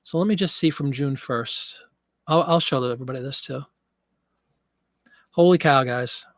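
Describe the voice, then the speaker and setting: A man's voice: mid-range voice, moderate pace, no echo. Man, live stream host, casual chat, a little out of breath, dry close sound. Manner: chatty, reads viewer comments. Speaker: livestream host.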